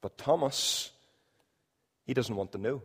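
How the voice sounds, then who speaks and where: A man preaching a sermon in a church, emphatic, repeating key phrases and swinging between loud and quiet. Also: medium pitch, a little slow, slightly rough, long reverb tail. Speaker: pastor.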